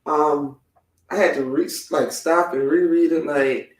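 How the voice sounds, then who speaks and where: A man chatting casually in a book club discussion, sharing local details in a relaxed way. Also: on the high side, a little slow. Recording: roomy sound from a distance.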